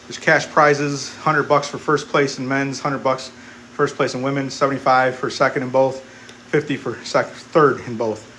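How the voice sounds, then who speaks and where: A man's voice: mid-range voice, fairly even intonation, moderate pace, fairly bright tone, slight background noise. A man vlogging casually at the gym, blunt and joking as he talks between heavy squat sets. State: out of breath. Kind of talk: casual gym vlog talk.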